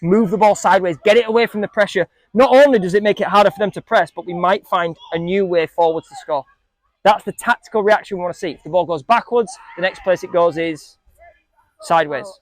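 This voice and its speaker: A man's voice: high-pitched, brisk, dry recording. A man coaching a group of young football players, asking them questions and joking with them. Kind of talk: coaching talk to a group of kids.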